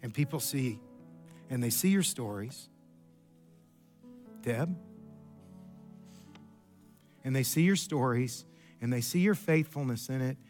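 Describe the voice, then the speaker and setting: A middle-aged man preaching a sermon in a church, an animated storyteller who jumps his pitch up for quoted lines. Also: takes it slowly, long pauses, faint music behind. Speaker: pastor. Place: church sanctuary.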